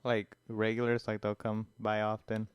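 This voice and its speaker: A young man in casual podcast chat, relaxed and joking between his friend's stories. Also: lowish voice, moderate pace, clear, resonant tone, dry recording. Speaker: podcast co-host. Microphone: close podcast mic.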